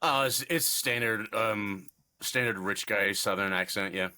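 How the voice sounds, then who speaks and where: A man's voice: lowish voice, a little slow, bright, forceful tone. A man co-hosting a podcast, talking casually about a movie in a rambling way, full of fillers. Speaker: podcast co-host. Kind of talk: casual movie review chat.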